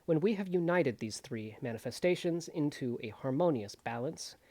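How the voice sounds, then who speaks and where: An audiobook reader losing their voice and energy, reading a nonfiction text in a plain, steady way with brief asides. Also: medium pitch.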